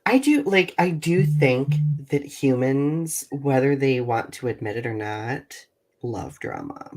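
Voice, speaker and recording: Very deep-voiced, lively woman podcast co-host. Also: slow. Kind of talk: casual chat.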